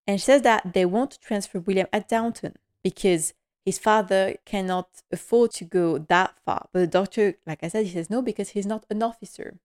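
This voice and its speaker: A woman hosting a podcast, giving a casual episode recap in a quick, emotional, heartfelt way. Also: medium pitch, darkish tone. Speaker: podcast host.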